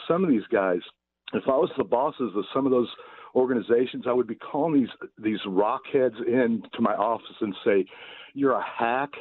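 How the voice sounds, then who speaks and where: A man calling in to a sports radio show, ranting in a rowdy, fired-up way and stumbling over his words, over a phone line. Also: fairly low pitch. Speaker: caller.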